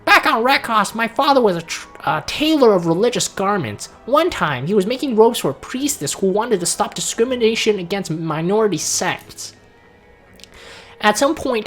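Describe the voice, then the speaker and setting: A man putting on a bitter young woman mercenary from a game story, his pitch raised well above his own. She talks with scorn and weary cynicism. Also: a bit bright, exaggerated voice.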